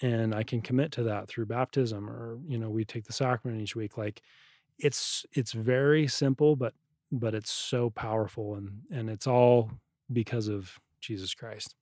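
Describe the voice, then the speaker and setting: A man's voice: medium pitch, steady tone, moderate pace, a little mellow, dry recording. A man co-hosting a podcast talks earnestly and thoughtfully, often restarting his sentences. His voice sits mid-range and the sound is dry and close. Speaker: podcast co-host. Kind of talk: casual testimony chat.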